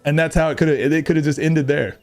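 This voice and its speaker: A man's voice: fairly high pitch, fairly even intonation, fast, darkish tone, faint music behind. A man streaming a game, chatting casually and teasing his viewers with frequent laughs. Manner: playful, teasing, laughs often. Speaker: gaming streamer.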